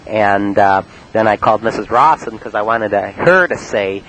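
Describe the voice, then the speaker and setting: A man from Cleveland telling about his prank calls in a halting, rambling monologue full of uh and um. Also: on the low side, fairly bright tone, low-quality recording. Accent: Cleveland, Ohio. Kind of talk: rambling spoken-word monologue. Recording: faint hiss on an old cassette tape.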